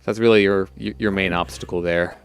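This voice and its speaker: A young man giving casual, relaxed gameplay commentary, rambling with many fillers. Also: sits low, brisk, faint music behind. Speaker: let's play commentator.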